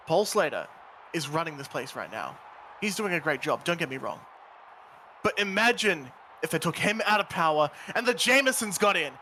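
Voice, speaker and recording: A man's voice: a little high, bright, forceful tone, slight background noise, exaggerated voice. A man voicing a volatile, angry male wrestler in an amateur voice drama, snarling and swearing often. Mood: intense. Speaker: wrestler character.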